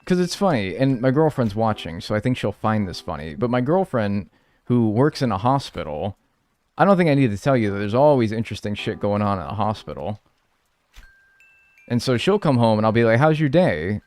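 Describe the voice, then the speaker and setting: Chatty, animated young male streamer. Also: fairly low pitch, a little fast. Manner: animated, chatty, swears a lot. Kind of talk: casual live-stream gameplay chat.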